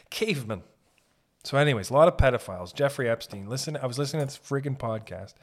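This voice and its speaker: A man riffs alone on his podcast, swearing freely and restarting his sentences again and again. His voice sits in an ordinary middle pitch. He talks in a loose, joking ramble. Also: expressive, quick pace. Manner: rambling, profane, self-interrupting, mock voices. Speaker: podcast host. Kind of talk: casual rambling comedic monologue.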